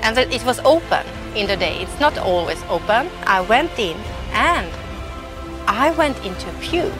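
A woman's voice: on the high side, lively intonation, over music. Woman giving a heartfelt testimony. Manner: emotional, halting, with frequent restarts. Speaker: testimony speaker. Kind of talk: personal faith testimony.

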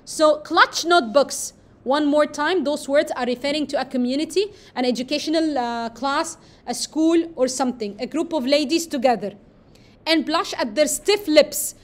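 A woman teaching a lesson that analyzes a poem, explaining step by step, repeating key phrases and pausing on fillers. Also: sits high.

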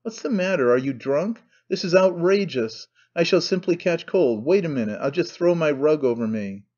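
A man's voice: a little high, expressive, moderate pace, a little mellow, lo-fi sound. A man voicing a panicky, nervous man who stammers out fussy protests. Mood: alarmed.

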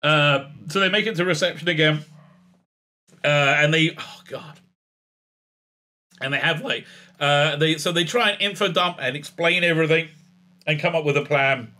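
Bright-voiced sarcastic male TV reviewer. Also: fairly high pitch, moderate pace, long pauses. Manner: sarcastic, mocking, rambling with many fillers. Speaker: TV reviewer, channel host. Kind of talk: casual episode recap and review.

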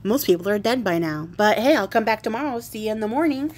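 A woman's voice: mid-range voice, animated, quick pace, darkish tone, close to an everyday voice. A woman voicing a fairy tale king who speaks in a breezy, offhand way.

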